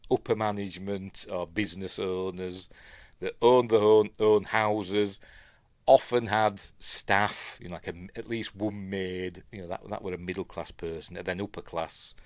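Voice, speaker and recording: A middle-aged film reviewer with a Yorkshire accent rambles casually through a film commentary at home, often correcting himself. His voice is low, with no echo.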